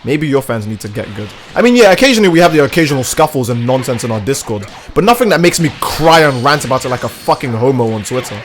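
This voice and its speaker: Male streamer, casual and crude, animated reactions, faint music underneath. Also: medium pitch, fast talker, hardly any pauses. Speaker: game streamer. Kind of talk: casual live-stream commentary while gaming.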